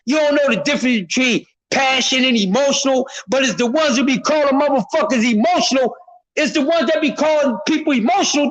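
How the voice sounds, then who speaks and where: A man on a live stream, ranting about boxing in a loud, profane, repetitive way, often shouting and addressing his chat. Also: very high-pitched, rough recording. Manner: speaks to a chat member by name. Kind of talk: heated live-stream rant.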